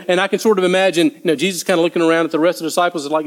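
A man's voice: a little high, fairly even intonation, fast talker, poor audio. Man preaching a casual sermon. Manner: conversational, acts out disciples' voices. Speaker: pastor.

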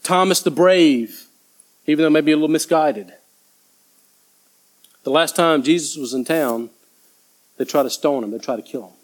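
A man's voice: fairly high pitch, rough recording. Man preaching a casual sermon. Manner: conversational, acts out disciples' voices. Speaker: pastor.

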